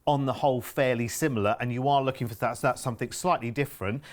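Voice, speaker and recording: A man's voice: mid-range voice, quick pace. A man co-presenting cruise deals on TV, easygoing and a little hesitant, with repeats between thoughts. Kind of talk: relaxed sales chat.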